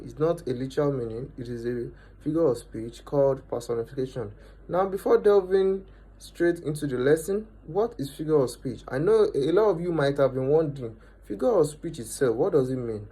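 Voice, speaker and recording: Mellow man teaching a lesson. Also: mid-range voice, husky, rough recording. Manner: repeats each definition and example slowly for emphasis. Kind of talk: explanatory lesson.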